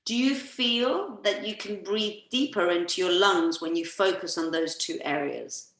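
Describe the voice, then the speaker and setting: A woman massage therapist leading a workshop, calmly coaching listeners through guided breathing on a video call. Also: medium pitch, measured pace, roomy sound, slight background noise, rough recording.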